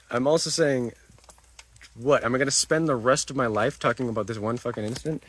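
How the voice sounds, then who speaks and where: A man's voice: medium pitch, lively intonation, quick pace, a bit bright. A man livestreaming to his chat, talking defensively, repeating himself and swearing.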